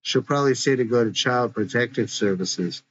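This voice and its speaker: A man's voice: medium pitch, moderate pace, a little hiss or hum, close to an everyday voice. A man voicing a laid-back, protective teenage boy who talks casually and reassuringly, in a dull lo-fi recording. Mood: easygoing.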